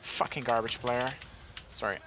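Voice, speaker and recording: A man's voice: mid-range voice, fairly even intonation, normal speed, sharp tone, faint music behind, rough recording. A man ranting angrily about an opponent's play, swearing and exasperated. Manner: angry, profane, exasperated. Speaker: streamer. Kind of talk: ranting gameplay commentary.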